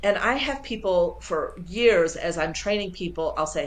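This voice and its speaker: A woman sales coach being interviewed over a video call, talking with lively enthusiasm and acting out quoted dialogue. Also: lowish voice, normal speed, few pauses. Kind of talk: casual interview.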